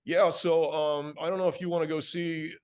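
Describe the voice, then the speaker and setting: Give me a young easygoing surfer dude, put on by a man, slow and drawling. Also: fairly high pitch, little pitch movement, a little mellow, smooth, pitched above the performer's own voice, natural voice. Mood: mellow. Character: laid-back young Southern California surfer.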